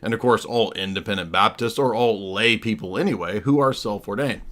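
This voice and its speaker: A man's voice: medium pitch, animated, normal speed, few pauses, fairly bright tone. A man hosting a livestream as a comedian, talking casually in a sarcastic, mocking way with rambling asides.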